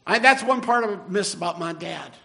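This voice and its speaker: Older man, pastor, earnest sermon delivery, high-pitched voice, slows down for emphasis. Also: animated, gravelly, bright, forceful tone. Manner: earnest, rises in emphasis, slows on key phrases.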